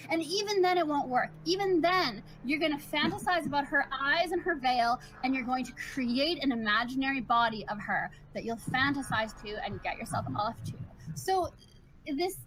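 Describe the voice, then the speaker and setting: A woman's voice: sits high, fairly bright tone, rough recording. A woman with a slight unusual accent in a heated online debate, lecturing indignantly and repeating her points when pressed. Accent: slight unusual accent, unnamed. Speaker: debate guest.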